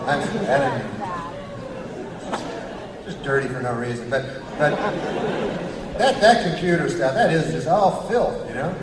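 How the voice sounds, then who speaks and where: A man doing a rambling, profane stand-up set, chuckling through his lines in a lively, swooping voice pitched a little high. He sounds far from the mic in a roomy hall with a long echo. A loud crowd and heavy noise fill the background. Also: normal speed, long pauses. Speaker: stand-up comedian. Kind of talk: stand-up routine.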